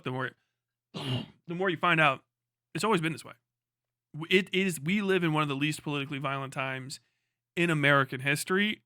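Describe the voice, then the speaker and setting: Bright, chatty male streamer. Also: on the high side, no echo, clean studio sound. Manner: rambling, profane, laughing asides. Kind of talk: casual live-stream reaction chat.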